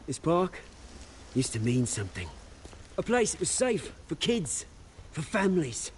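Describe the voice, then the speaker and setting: A man's voice: on the high side, sing-song, unhurried, slight background noise. An actor playing a bitter young British man turned street revolutionary, swaggering and cocky, then brooding and menacing, in a game scene. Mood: wistful. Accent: British English. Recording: game audio with music underneath. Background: game score.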